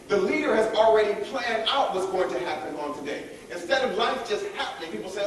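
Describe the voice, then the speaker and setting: A man giving a lively motivational leadership workshop, rallying the audience to join in. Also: sits high, brisk, few pauses, recorded from a distance. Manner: energetic, calls on the audience to join in. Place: large echoey room at a college event. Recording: echoey room, voice heard from afar.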